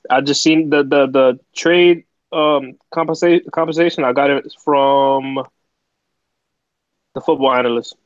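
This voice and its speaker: A man's voice: mid-range voice, fairly even intonation, unhurried, no echo. A man co-hosting a live sports podcast, talking in a casual, slangy and stunned way. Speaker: podcast co-host. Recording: dull, dry lo-fi mic.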